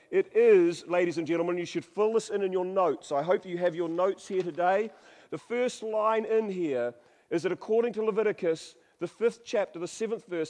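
A man's voice: high voice, a little mellow. A man preaching a sermon, reading scripture dramatically and joking with the congregation. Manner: dramatic, humorous, varies voice for quotes. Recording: long hall reverb.

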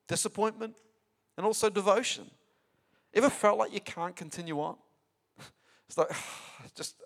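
Male pastor, high voice, chatty emphatic sermon delivery with repeats and asides. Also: a bit bright.

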